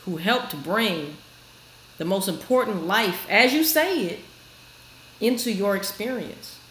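A woman's voice: medium pitch, expressive, takes it slowly, fairly bright tone. A woman hosting a reaction video, giving frank, chatty commentary straight to her viewers. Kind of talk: casual commentary. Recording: echoey room with faint noise.

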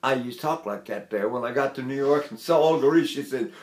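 Older male voice teacher, roomy echo. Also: mid-range voice. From Texas. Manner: lively, chatty teaching with quick asides and chuckles. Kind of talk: vocal technique lesson with spoken demonstrations.

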